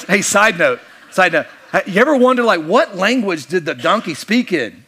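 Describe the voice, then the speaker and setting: A man's voice: high voice, sing-song, brisk, noisy background. A man preaching a sermon, telling the story in a casual, joking way and acting out the characters' lines. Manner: storytelling, jokey, acts out quoted voices. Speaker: pastor.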